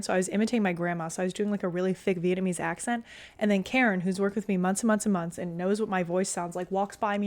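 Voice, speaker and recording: A young woman streaming and chatting casually with her viewers, loose and talkative, full of fillers and casual swearing. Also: medium pitch. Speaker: streamer reading chat.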